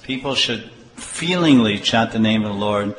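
A man giving a slow scripture class as a preacher, repeating phrases and acting out little dialogues. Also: fairly low pitch, animated, slight background noise. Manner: slow, repetitive, acts out dialogue. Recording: echoey hall with faint ambience.

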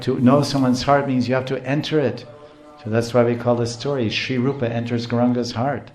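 A man giving a devotional storytelling lecture, animated, chuckling often and explaining terms as he goes. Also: mid-range voice, brisk, reverberant. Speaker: preacher.

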